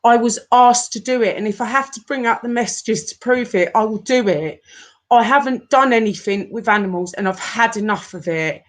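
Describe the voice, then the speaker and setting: A woman in her forties, talking to her viewers in an upset, halting rant, often stopping and repeating herself. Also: fairly high pitch. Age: 40s. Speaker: YouTuber. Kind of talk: emotional live-stream rant.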